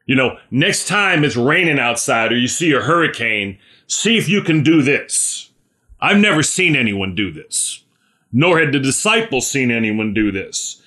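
A male preacher delivers an informal sermon at an unhurried pace, in a bright, forceful voice. He keeps checking in with "right?" and speaks to listeners by name. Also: medium pitch, sing-song. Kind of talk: conversational sermon.

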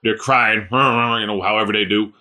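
A man's voice: fairly low pitch, steady tone, normal speed, sharp tone. A middle-aged man preaching a sermon in a conversational way, often checking in with "right?" and "you know". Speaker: pastor.

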